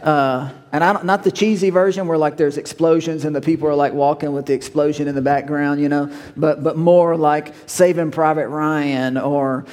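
A man's voice: fairly high pitch, steady tone, moderate pace, few pauses, a little mellow, in a large hall. A male pastor, preaching a sermon in a folksy, conversational storytelling way.

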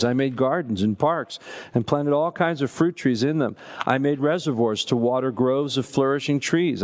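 A man of middle pitch leads a Bible study, reading long scripture passages before breaking off into emphatic commentary. His voice carries a long reverb from a large hall. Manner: reads scripture at length, then comments with emphatic asides.

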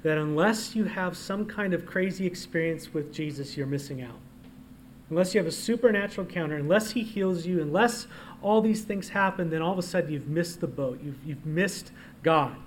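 A man preaching a sermon as pastor. He moves from quiet asides to loud, emphatic declarations and reads scripture aloud. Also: on the high side, moderate pace, slight background noise.

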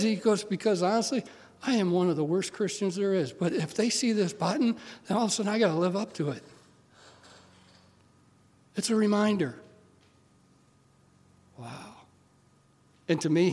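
A man preaching a sermon, telling stories and swinging from loud urging to quiet, intimate asides. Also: high-pitched. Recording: long hall reverb.

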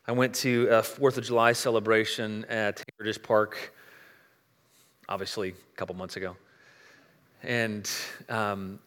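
Male pastor, mid-pitched, earnest conversational preaching, long church-hall reverb. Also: sharp tone. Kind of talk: sermon. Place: church sanctuary. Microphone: microphone, switched to a handheld.

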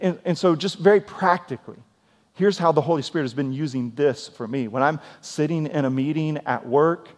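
A man in his forties, a pastor giving a conversational sermon, earnest and practical, often restarting with repeated words. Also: a little high. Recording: long hall reverb.

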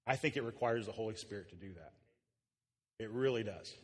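A man's voice: on the low side, a little fast, slightly rough, in a large hall. A man preaching a conversational sermon to a live congregation in a church. He is a pastor who jokes casually with the room and often restarts his sentences. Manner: casual, joking, with frequent restarts.

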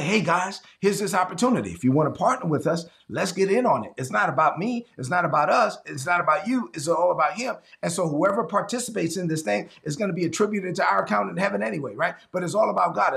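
A man preaching a conversational sermon to an online audience, energetic and repeating himself as he acts out quotes from others. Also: sits high, fast, gravelly, few pauses. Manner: repeats words and restarts often. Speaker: pastor. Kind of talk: livestreamed sermon.

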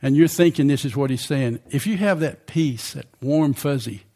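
A man's voice: medium pitch, moderate pace, mellow. An older man preaching a sermon in a conversational way, often asking the congregation questions.

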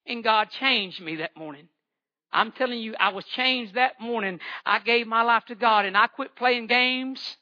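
High, bright-voiced man testifying. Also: moderate pace, muffled recording. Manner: fervent, repetitive, stammering restarts. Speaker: layman giving testimony in church. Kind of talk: impassioned testimony sermon.

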